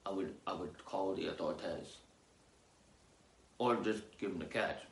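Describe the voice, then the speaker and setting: A man hosting a rambling comedy podcast, talking theatrically and jokily, jumping from loud outbursts to mumbled asides, on grainy audio with clicks. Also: low-pitched, normal speed, gravelly, reverberant. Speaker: podcast host.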